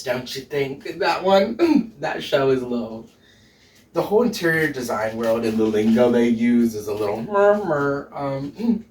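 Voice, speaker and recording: Drag queen host, male, mid pitch, sassy and chatty, recorded off-mic in a roomy kitchen. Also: far from the mic. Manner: chatty, sassy, laughs often. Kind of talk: casual cooking chat. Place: home kitchen. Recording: echoey room, off-mic.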